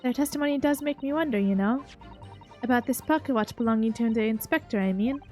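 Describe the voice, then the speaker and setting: A woman's voice: a little high, fast talker, a little mellow. A woman hosting a let's play, reading the game's dialogue aloud and musing casually between lines. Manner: casual, hesitant fillers while reading. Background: game music.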